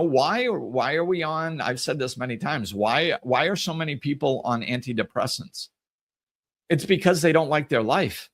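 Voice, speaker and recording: A man hosting a podcast in a casual solo monologue, telling stories in an animated way and repeating phrases for emphasis. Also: on the high side. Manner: animated storytelling, acts out conversations. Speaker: podcast host.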